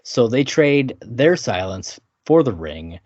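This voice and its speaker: A man co-hosting a podcast in casual chat, relaxed, laughing often and trailing off into fillers. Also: mid-range voice, slow pace, no echo. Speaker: podcast co-host. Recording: dull lo-fi dry sound.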